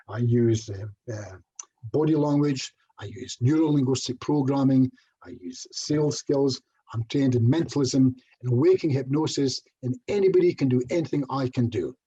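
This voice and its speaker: This Scottish man, middle-aged, chats his way through a relaxed online hypnotherapy presentation, poking fun at himself and slipping in small jokes. He has a mid-range, dark-toned voice that is slightly rough.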